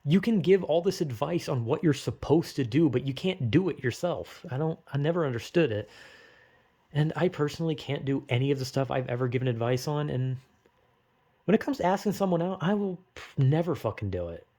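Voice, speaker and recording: A man's voice: a little high, expressive, brisk, dark tone. Rambling young man venting about fear. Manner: rambling, swears a lot, self-critical; urgent, pep-talk bursts. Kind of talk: emotional personal monologue.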